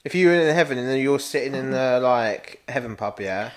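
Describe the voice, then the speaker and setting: A young man chatting on a podcast with friends. He rambles through his stories and swears freely. His voice sits at a middling pitch. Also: lively intonation, a little fast. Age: young adult. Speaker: podcast co-host. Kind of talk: casual chat.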